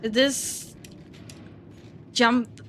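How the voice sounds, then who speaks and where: A woman's voice: on the high side, steady tone, drawn-out words, fairly bright tone, a little hiss or hum. A woman gaming streamer giving casual let's-play commentary, nervous and jumpy as she plays a scary game at home.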